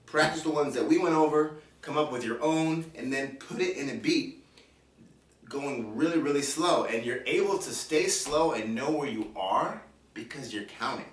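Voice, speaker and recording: A man's voice: medium pitch, moderate pace. A man giving a drum lesson, explaining casually and checking in with the viewer. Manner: counts beats aloud while playing. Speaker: drum teacher. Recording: echoey room, distant mic, loud drums.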